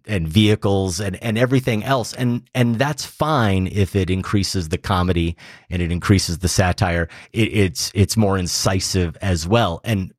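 Male co-host, reflective, low-voiced, dry close sound. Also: dry recording. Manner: thoughtful, repeats words as he starts sentences. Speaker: podcast co-host. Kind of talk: casual film discussion.

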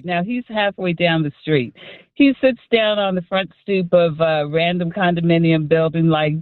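A woman calling in to a radio show, telling a story in a lively, amused way. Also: lowish voice, normal speed, no room sound. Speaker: caller. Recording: tinny phone line.

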